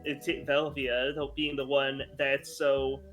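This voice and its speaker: A man's voice: medium pitch, little pitch movement, measured pace, a bit bright, faint music behind, natural voice. A man voicing a prim, well-mannered young crewman in a tabletop role-play, fussy and chatty. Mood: amused.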